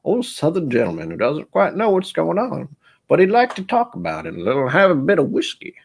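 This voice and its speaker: A dithering old Southern colonel put on by a man who is happy to chatter away over a glass of whiskey. The voice sits well above a low natural register and drawls along in a folksy, rambling way. It is a comic livestream impression. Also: huge pitch swings, a little fast, gravelly, slightly rough, exaggerated voice.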